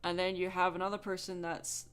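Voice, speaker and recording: A Scottish woman chatting frankly with soft laughs while drawing on a livestream. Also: fairly low pitch, level tone, a little fast, clean tone, soft background music. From Scotland. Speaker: livestreaming artist.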